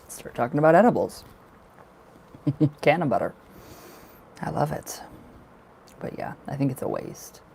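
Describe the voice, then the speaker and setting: A man's voice: on the high side, big pitch swings, slow, creaky, long pauses, darkish tone, slight background noise, poor audio. A man hosting a casual tarot livestream, chatty and laughing often as he talks to viewers.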